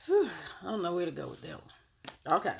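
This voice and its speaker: A woman reads tarot cards straight to her viewers in an easy, animated way. Her voice carries a gravelly, creaky edge. She talks in loose slang, swears freely and breaks into laughter often. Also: fairly low pitch, a little fast, a little hiss or hum. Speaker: tarot reader. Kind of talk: casual tarot reading to viewers.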